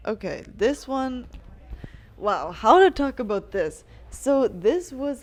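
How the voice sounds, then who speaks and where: A Canadian woman hosts her own podcast solo, rambling and chatting, often restarting her sentences as she munches snacks near the mic. She speaks slowly in a high voice with big swings in pitch.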